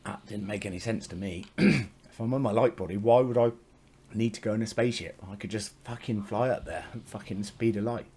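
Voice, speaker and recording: A man's voice: lowish voice, a little fast, a little mellow, slightly rough. A man telling a spiritual story in a casual, meandering monologue, swearing freely and chuckling often.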